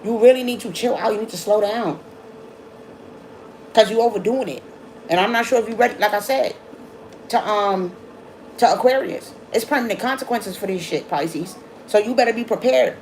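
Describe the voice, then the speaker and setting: A woman's voice: mid-range voice, a little mellow, a little hiss or hum, rough recording. A woman giving a casual tarot reading, blunt and scolding, swearing freely and repeating herself as she talks. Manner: repeats herself, quick restarts. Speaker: tarot reader.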